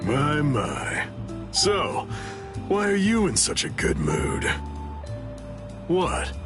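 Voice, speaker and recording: A drawling, wry captain. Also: male voice, on the high side, wildly swooping pitch, extremely slow, over music, heavily acted. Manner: drawling, dry. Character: laid-back, wry male captain, easygoing.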